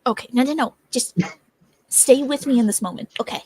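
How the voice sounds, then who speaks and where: A woman's voice: sits high, moderate pace, husky, no echo. Dry, close woman, playful player. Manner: animated, playful storytelling. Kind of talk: in-character tabletop role-play.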